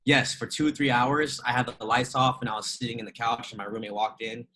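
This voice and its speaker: This is a man speaking at an ordinary, mid-range pitch, in a loose and conversational way. He teaches trading and talks with heavy emphasis, driving his points home with rhetorical questions and frequent laughter. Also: level tone, a little fast, pushed and bright, slight background noise, poor audio. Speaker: trading educator. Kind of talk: casual motivational talk.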